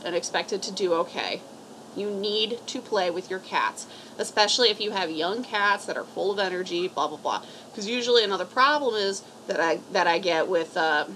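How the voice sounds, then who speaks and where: Woman, cat rescue volunteer, casual and blunt, swears a lot, mid pitch, faint hiss behind. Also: bright, forceful tone, rough recording. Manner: blunt, swears freely, rambling. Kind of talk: casual advice talk to camera.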